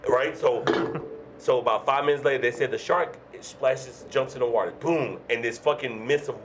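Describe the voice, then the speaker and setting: A man's voice: medium pitch, normal speed, background noise. A man in his thirties, a guest comedian telling a story in casual chat, swearing a lot and acting out what people said. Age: 30s. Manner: animated storyteller, heavy swearing, acts out quotes.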